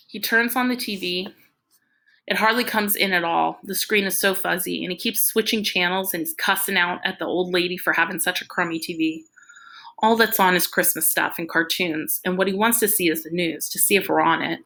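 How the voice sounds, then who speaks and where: A woman narrating a novel in the first person, reading in a plain, steady way. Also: fairly low pitch, normal speed, creaky. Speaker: audiobook reader.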